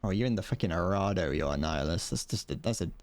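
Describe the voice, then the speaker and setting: A man's voice: low voice, lively intonation, fast talker, a little mellow. A young man chatting casually to his viewers while playing, swearing and laughing as he goes. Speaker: streamer. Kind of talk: casual gameplay commentary.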